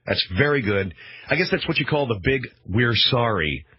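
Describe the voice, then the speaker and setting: A man's voice: medium pitch, expressive, brisk, husky, no room sound. A man hosting a radio talk show, rambling through a sarcastic, mock-outraged monologue. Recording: dull, dry radio broadcast.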